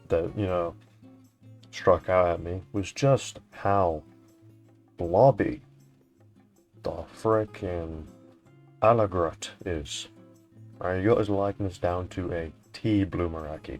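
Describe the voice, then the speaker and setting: A young man hosting a fan art showcase in casual, rambling commentary, swearing now and then. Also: sits low. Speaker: showcase host.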